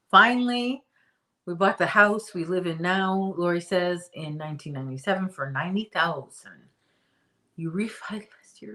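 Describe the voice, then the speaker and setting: A woman's voice: on the low side, a bit bright. A middle-aged woman hosting a casual live-stream chat from home, rambling and reading out viewer comments. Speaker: host.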